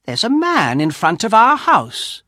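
A man reading an audiobook, voicing an anxious, excitable old woman who speaks in fretful, rising exclamations. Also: high-pitched, a little slow, no room sound, clean studio sound, voice pushed up, full character voice.

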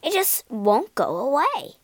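Storybook narrator: woman, high and animated, unhurried, dry close sound. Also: dry recording. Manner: slow, lively storytelling with big character voices. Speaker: storybook reader. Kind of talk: expressive storybook read-aloud.

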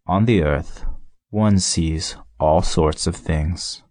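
A man voicing a wise, lonely male fox in an audiobook, explaining things gently and in measured phrases. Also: deep voice, no room sound. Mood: musing. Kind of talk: audiobook character reading.

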